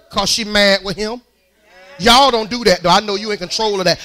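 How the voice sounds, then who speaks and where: A man preaching a sermon in church, speaking. He talks to the congregation in a conversational, animated way and builds to loud, strained peaks. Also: high voice, brisk. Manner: rises into shouted, strained peaks.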